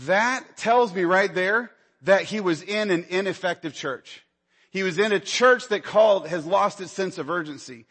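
This preacher speaks at a normal pace, his slightly bright voice carrying a breathy edge and the sound of a large room. A pastor delivering a conversational sermon, he performs the Bible dialogue and rises in pitch whenever he becomes stirred.

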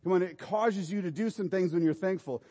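A man's voice: high voice, fairly quick, warm tone, in a large hall. A man preaching a sermon in an informal, exhorting way, urging his listeners on. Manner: informal, exhorting, repeats "come on".

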